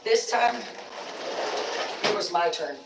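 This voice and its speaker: A woman's voice: lowish voice, animated, takes it slowly, gravelly, noisy background. Cursing woman telling stories on a stream. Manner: profane, rambling, blunt. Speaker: livestream host. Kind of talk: casual storytelling on a livestream. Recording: roomy sound, distant from the mic.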